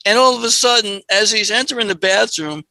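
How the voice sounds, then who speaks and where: Bright gravelly high-voiced man telling stories. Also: fairly quick. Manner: animated, acts out voices in stories. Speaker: podcast co-host. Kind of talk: casual storytelling.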